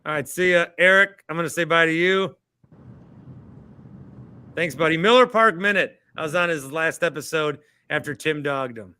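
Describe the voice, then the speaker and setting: Male show host, higher bright voice, joking and teasing tone. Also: moderate pace, clean tone. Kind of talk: casual call-in chat.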